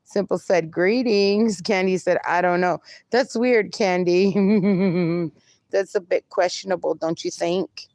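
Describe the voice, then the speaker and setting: A woman's voice: lowish voice, fairly even intonation, takes it slowly, darkish tone, no room sound. A woman livestreaming, reading viewer comments aloud and bantering with them, laughing often. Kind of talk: casual live-stream chat.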